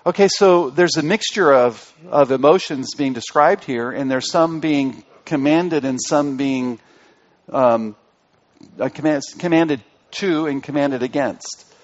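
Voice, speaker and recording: A man's voice: medium pitch, a little slow. A male pastor giving an interactive sermon, asking the congregation questions and repeating key phrases. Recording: dull lo-fi recording.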